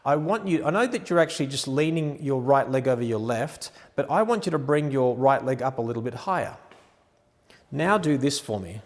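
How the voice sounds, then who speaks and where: A man teaching wedding photography posing, talking through each adjustment while gently directing a model. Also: medium pitch, animated, normal speed, long reverb tail.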